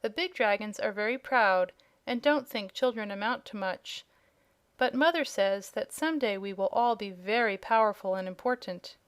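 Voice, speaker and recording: A woman voicing a proud, hungry young dragonette who speaks politely and regretfully, in a clear, smooth voice. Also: medium pitch, normal speed, lightly acted. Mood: haughty polite. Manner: polite, regretful, slightly haughty. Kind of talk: audiobook character voice.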